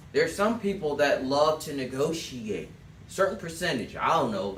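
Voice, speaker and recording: A man's voice: medium pitch, a bit bright, a little hiss or hum. A man teaching a sales class, giving direct instructions and telling listeners to write things down. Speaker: sales trainer. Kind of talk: sales coaching talk. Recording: echoey room, distant mic.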